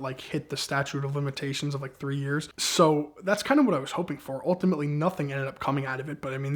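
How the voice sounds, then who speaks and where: Young guy, kinda high voice, telling a story all animated, does the cops' voices. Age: young adult. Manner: animated, acts out the cops' shouting in quoted lines. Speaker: guest storyteller. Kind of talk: casual storytelling.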